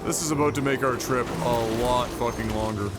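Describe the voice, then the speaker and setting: A man's voice: medium pitch, fairly even intonation, brisk. A male streamer giving live gameplay commentary, frustrated and swearing constantly as he rants. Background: game music.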